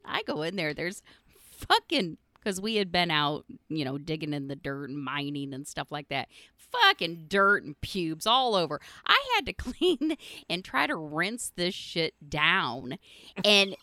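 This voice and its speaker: A woman's voice: sits low, sing-song, a little slow, sharp tone, no echo, studio quality. A middle-aged woman hosting her own podcast, telling stories in a blunt, profane way with frequent laughs. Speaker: podcast host. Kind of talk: casual storytelling monologue.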